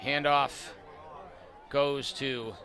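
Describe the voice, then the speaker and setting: A man calling play-by-play for a high school football game, excitable on big plays and chatty between them. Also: extremely slow, a faint crowd. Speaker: play-by-play announcer. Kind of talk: play-by-play sports commentary. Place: outdoor stadium press box.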